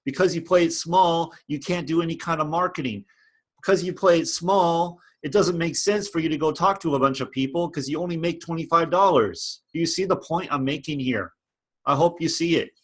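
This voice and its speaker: A man's voice: a little high, a little fast, a bit bright. A man vlogging about online business, giving a passionate, repetitive motivational rant.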